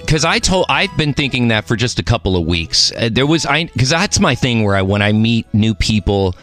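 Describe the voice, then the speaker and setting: A man hosting a podcast, telling stories in a chatty, animated, playful way. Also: medium pitch, normal speed, soft background music. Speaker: podcast host. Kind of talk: casual chat.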